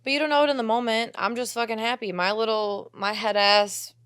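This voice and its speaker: Young woman telling a wild story, animated. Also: fairly high pitch, fairly quick, clear, resonant tone, dry recording, clean studio sound. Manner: animated storytelling, swearing, acts out her own quotes. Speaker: podcast co-host. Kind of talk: candid casual chat.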